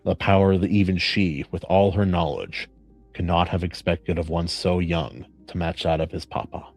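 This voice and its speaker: Deep-voiced man reading aloud. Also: steady tone, faint music behind. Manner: measured, earnest reading; warm praise in chat. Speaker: podcast host reading a story aloud. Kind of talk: story reading and casual chat.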